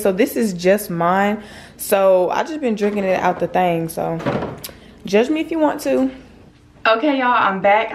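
In a home vlog shot indoors on a handheld camera, a young woman chats casually with her viewers in a relaxed, talkative way. Her voice is mid-range and sounds reverberant.

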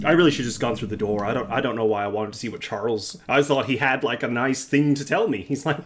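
A man's voice: mid-range voice, fast, few pauses. A man streaming a game, screaming and swearing in panic with theatrical outbursts and dry jokes. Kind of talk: live gameplay commentary.

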